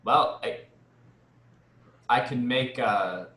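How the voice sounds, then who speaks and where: A man playing a tabletop role-playing game, talking in a hesitant, halting way. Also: medium pitch, bright, forceful tone, roomy sound. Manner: hesitant, halting speech with fillers. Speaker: player. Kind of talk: tabletop role-play chat.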